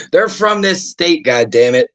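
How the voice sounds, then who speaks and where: A man's voice: fairly high pitch, expressive, slow pace, fairly bright tone. A man hosting a casual podcast, joking and swearing as he argues about music. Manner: profane, joking, argumentative. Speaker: podcast host. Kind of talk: casual banter.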